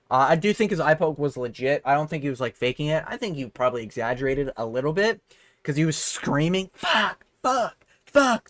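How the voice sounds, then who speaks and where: A man's voice: a little high, no echo, studio quality. Profane, rambling man breaking down fights. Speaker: MMA commentator vlogger.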